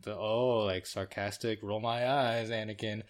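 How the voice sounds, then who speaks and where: A man's voice: fairly low pitch, steady tone, measured pace. A man co-hosting a casual podcast, talking playfully. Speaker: podcast co-host. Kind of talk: casual chat.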